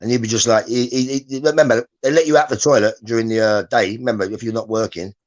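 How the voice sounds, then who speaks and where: A man talking as a guest in casual chat, emphatic and halting, restarting his sentences often. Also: mid-range voice, fairly even intonation, dull audio. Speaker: podcast guest, former prisoner.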